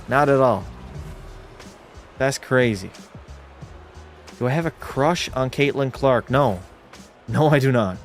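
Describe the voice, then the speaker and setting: A young man talks through a hockey game on his live stream, calling the plays and firing blunt, jokey replies back at his chat. His voice sits a little high. Faint music plays under him. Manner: blunt, chatty, reacts to chat with jokey banter. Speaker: streamer hosting a hockey watch party.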